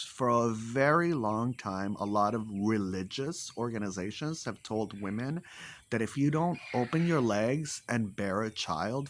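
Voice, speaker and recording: A man giving blunt opinions in a casual monologue, animated, swearing freely and repeating his points for emphasis. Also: medium pitch.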